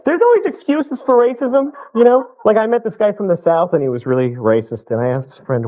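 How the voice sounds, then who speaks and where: A man doing stand-up comedy and talk-show banter, animated, breaking into loud shouted voices for his punchlines. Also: high voice, brisk, hardly any pauses, muffled recording.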